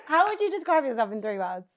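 High-voiced chatty woman in her twenties. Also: big pitch swings, moderate pace. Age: 20s. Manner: chatty, laughs often, swears freely. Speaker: podcast host. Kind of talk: casual chat.

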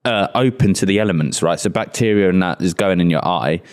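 A man's voice: low-pitched, brisk. A man co-hosting a podcast in casual, crude banter, swearing and joking as he explains facts. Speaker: podcast co-host.

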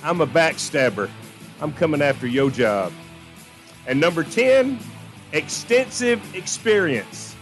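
Wisecracking male radio host. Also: high-pitched. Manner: wisecracking, deadpan punchlines. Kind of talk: casual radio chat.

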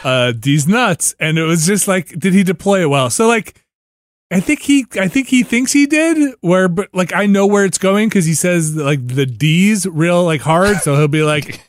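A man's voice: high-pitched, expressive, normal speed, no echo, studio quality. A middle-aged man co-hosting a podcast, telling a family story in casual chat and laughing often. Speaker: podcast co-host.

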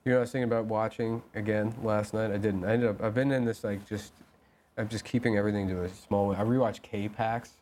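A man's voice: on the low side, steady tone, fast talker, a little mellow, slight background noise. A man co-hosting a comedy podcast, talking in casual banter with a dry, teasing manner. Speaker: podcast co-host.

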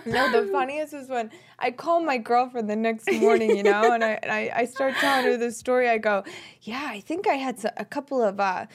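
A woman's voice: on the high side, a little fast. A young woman co-hosting a podcast, telling a story in casual chat and laughing through it until she is close to tears. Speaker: podcast co-host.

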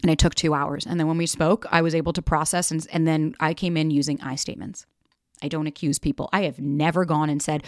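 A woman with a fairly low voice speaks on a podcast in a frank, emphatic way and swears freely. Her voice is close to a podcast mic and sounds dry. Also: fast, dry recording. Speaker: podcast host and dating coach. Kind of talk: candid podcast monologue.

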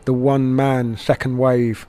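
A male interviewer lays out background before each question in a measured, even manner. His voice sits at a plain middle pitch. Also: clean tone.

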